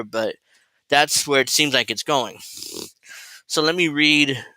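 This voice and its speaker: A man hosts a loose political commentary livestream, wandering off on tangents and mocking what he reads with easy profanity. His voice is bright and forceful. The sound is close and dry, with no room around it. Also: mid-range voice, clean tone, dry recording. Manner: rambling, sardonic, swears freely. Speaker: host. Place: at home, cooking while streaming.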